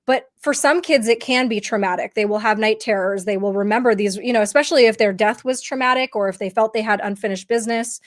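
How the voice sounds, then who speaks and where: Woman co-host, raised voice, animated storyteller, chatty and halting. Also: on the high side. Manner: animated storyteller with many fillers and restarts. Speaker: podcast co-host. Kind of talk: casual conversational storytelling.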